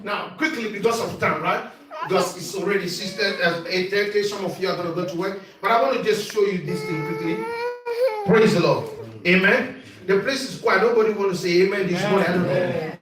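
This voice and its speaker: Male bishop, sermon delivery with call-and-response and shouted peaks; very high voice, recorded far off in a reverberant hall. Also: a little fast. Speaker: bishop preaching. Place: church hall. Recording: echoey church sound from far off.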